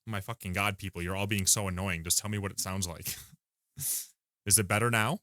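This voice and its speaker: A man's voice: low voice, steady tone, pushed and bright, no room sound, clean studio sound. A man hosting a game livestream, talking casually to his chat, frustrated and swearing at broken equipment. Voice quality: distorted robotic mic audio. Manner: frustrated, swearing, fast-shifting energy. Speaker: streamer. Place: home room. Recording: distant, glitchy robotic-sounding mic.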